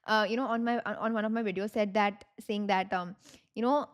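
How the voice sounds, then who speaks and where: A woman's voice: mid-range voice, steady tone, a little fast. A young woman with an Indian English accent, a tarot reader chatting to her viewers in a rambling, repetitive way, slipping into Hindi now and then. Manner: chatty, rambling, repeats herself, mixes in Hindi. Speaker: tarot reader and channel host. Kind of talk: casual talk to camera.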